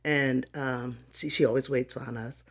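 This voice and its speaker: A woman in her fifties telling a story in a casual vlog, animated and acting out the dialogue of the people in it. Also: rumbling low, measured pace. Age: 50s. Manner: animated, acts out dialogue in voices. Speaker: vlogger.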